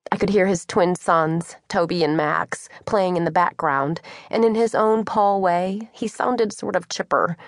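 A woman's voice: lowish voice, dry recording. A woman reading a first-person novel as an audiobook narrator, in a wry, conversational way. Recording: dry studio.

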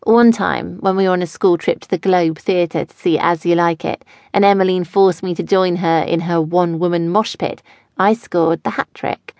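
Low gravelly woman narrating an audiobook. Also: steady tone, moderate pace, darkish tone, dry recording, clean studio sound. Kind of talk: first-person audiobook narration. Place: studio.

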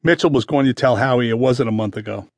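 A man's voice: mid-range voice, fast talker, darkish tone, dry recording, close to an everyday voice. A male narrator voicing a wounded, frightened middle-aged man who moans in pain as he confesses. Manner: pained, moaning, confessing.

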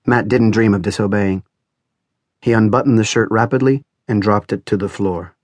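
Guy narrating an audiobook, lowish voice, dry close sound. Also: fairly even intonation, moderate pace, a little mellow, dry recording. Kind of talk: scripted narration.

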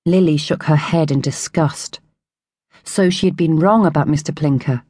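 A woman narrating a children's audiobook in a clear, measured storytelling manner. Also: sits low, mellow, dry recording, clean studio sound. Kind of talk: scripted narration.

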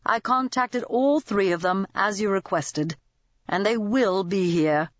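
A woman voicing a calm, poised upper-class lady who speaks coolly and firmly. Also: medium pitch, no room sound, muffled recording, natural voice. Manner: calm, cool, measured.

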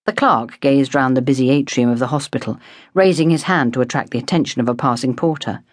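A woman narrating an unabridged novel in a measured, expressive storytelling manner. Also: rumbling low, no room sound, clean studio sound. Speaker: audiobook narrator. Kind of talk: scripted narration.

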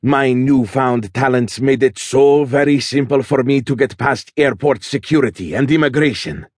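A man voicing a proud, menacing young male terrorist with a Dari accent, speaking slowly and quietly. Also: mid-range voice, slightly rough, no echo, studio quality, heavily acted.

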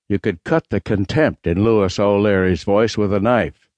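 Dry, steady male audiobook narrator. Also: on the low side, normal speed, dry recording. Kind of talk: scripted narration.

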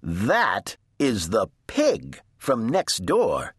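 A stubborn, know-it-all old lady who shouts every word with indignant force, as a man narrating puts her on. Her pitch leaps high and her delivery is slow and emphatic, in a slightly husky voice. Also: wildly swooping pitch, dry recording, studio quality, full character voice. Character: bossy, stubborn older lady sister.

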